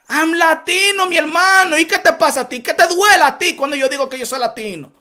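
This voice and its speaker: Very high-voiced fervent man preaching. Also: fast, hardly any pauses. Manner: preachy, fervent, switching between English and Spanish; rises to shouting when worked up. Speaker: boxing channel host. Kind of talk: impassioned commentary to camera.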